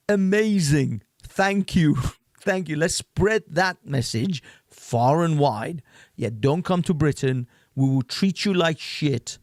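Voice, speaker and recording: A man's voice: sits high, unhurried, dry recording, clean studio sound. A man hosting an online stream, reacting to clips in a loose, rambling rant full of repeats and laughs. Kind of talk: casual ranting commentary.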